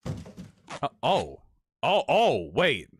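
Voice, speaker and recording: A male streamer talks through a game at an unhurried pace, his pitch swinging widely from low mutters to high cries. He reads the dialogue aloud and reacts with emotional exclamations and swearing. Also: huge pitch swings, slight background noise. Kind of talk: live game commentary, reading dialogue aloud.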